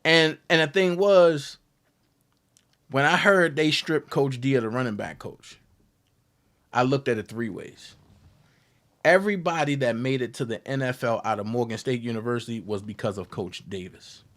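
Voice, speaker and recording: A young man telling a story about his college days, acting out the voices of the people in it with loud jumps. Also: medium pitch, moderate pace. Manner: acts out quotes with big loud jumps in voice. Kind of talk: animated storytelling.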